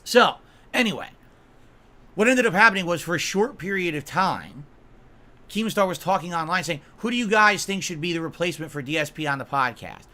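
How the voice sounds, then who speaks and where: A man's voice: high voice, expressive, fairly quick, sharp tone. A man on a livestream, ranting in an aggrieved, emphatic way, swearing and asking his viewers "right?" again and again. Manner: aggrieved, repeatedly asks "right?" and "okay?". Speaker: streamer.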